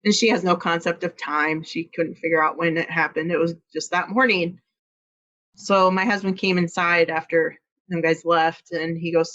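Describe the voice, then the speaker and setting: A woman's voice: lowish voice, steady tone, normal speed, fairly bright tone, highs cut off. A woman from Iowa, a podcast guest, candidly telling a personal story and acting out quoted dialogue.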